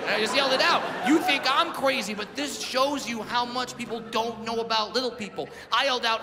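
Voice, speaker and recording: Male stand-up comic, brash, profane, animated, high voice, long hall reverb. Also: fairly quick. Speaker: stand-up comedian. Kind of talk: stand-up comedy routine. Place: large comedy venue. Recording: live hall, loud crowd noise. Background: audience laughter.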